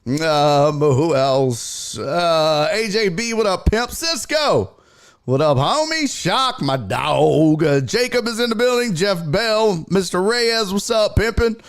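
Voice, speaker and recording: A man's voice: slow, clean tone. A man hosting a sports podcast livestream, chatting loosely with viewers, cursing freely and greeting them by name. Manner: loose, profane, shouts out chat viewers by name; lively, jumpy pitch when retelling. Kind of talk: casual livestream chat.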